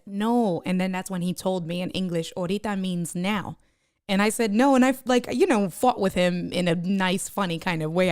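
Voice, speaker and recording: A woman chatting on her live stream, telling a lively story, laughing often and reading viewer comments aloud. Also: medium pitch, dry recording, studio quality. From United States. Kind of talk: casual live-stream chat.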